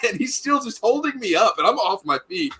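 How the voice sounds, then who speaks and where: Bright-voiced man telling rowdy stories. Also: very high-pitched, expressive, brisk, vocal fry. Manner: swearing, rambling anecdotes with acted-out quotes. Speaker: podcast host. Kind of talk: casual storytelling chat.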